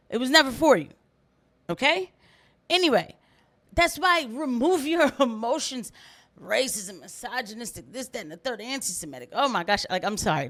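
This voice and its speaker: A woman hosting a reaction commentary vlog, animated and rambling as she talks straight to her viewers. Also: a little high. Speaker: commentary vlogger.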